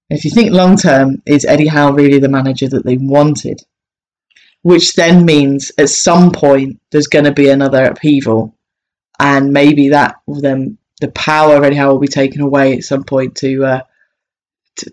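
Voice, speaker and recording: A man's voice: mid-range voice, low-quality recording. A man co-hosting a casual football podcast, giving blunt opinions with laughing asides. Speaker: podcast co-host, football fan.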